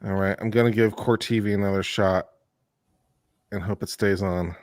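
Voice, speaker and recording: A man's voice: lowish voice, steady tone, normal speed, no room sound, studio quality. A man co-hosting a livestream, casual and wry while fixing the feed. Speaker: livestream co-host. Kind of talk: casual live commentary.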